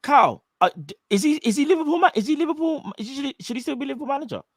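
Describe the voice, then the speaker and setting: A man co-hosting a live fan show, talking in a joking, emphatic, animated way. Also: very high-pitched, racing, no echo, studio quality. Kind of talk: casual live-stream chat. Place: home studio.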